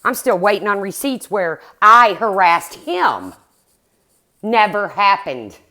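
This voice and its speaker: A woman's voice: medium pitch, sing-song, slow, pushed and bright, no echo. A middle-aged woman ranting bluntly and heatedly on her livestream, swearing as she talks to her viewers. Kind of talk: angry livestream rant.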